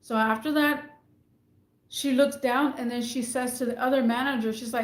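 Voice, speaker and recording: Venting casually about managers, this retail worker speaks at a moderate pace in a slightly high, steady voice, and the room echoes around her. She's indignant and emphatic, repeating her points to drive them home.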